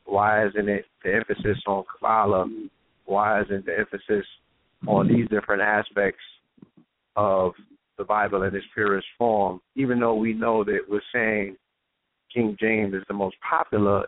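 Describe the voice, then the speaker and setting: A man's voice: fairly low pitch, flat delivery, moderate pace. A man hosting a casual radio discussion, asking long, searching questions filled with "you know what I'm saying.". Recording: dry, tinny phone line.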